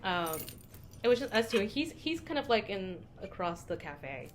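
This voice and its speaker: A woman's voice: medium pitch, very animated, moderate pace, slight background noise. A young woman co-hosting a podcast, telling candid stories in casual chat and swearing freely. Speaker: podcast co-host.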